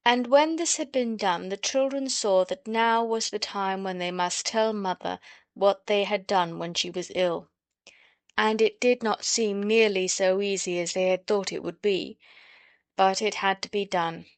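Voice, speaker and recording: A woman reading a children's classic aloud as an audiobook narrator, clear and gently expressive. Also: medium pitch, no room sound. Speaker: audiobook reader. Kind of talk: scripted storybook narration. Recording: dry close recording.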